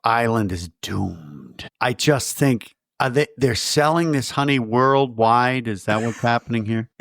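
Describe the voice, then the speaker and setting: A man's voice: mid-range voice, unhurried, creaky, a bit bright, dry recording, clean studio sound. A man co-hosting a casual movie podcast, animatedly acting out scenes and lines in voices. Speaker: podcast co-host. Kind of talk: casual movie review chat.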